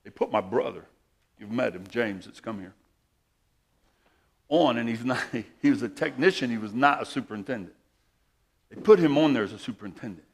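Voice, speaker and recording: A man preaching a sermon, repeating phrases and swinging between loud bursts and hushed asides. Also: mid-range voice, lively intonation, moderate pace, pauses often, slightly rough.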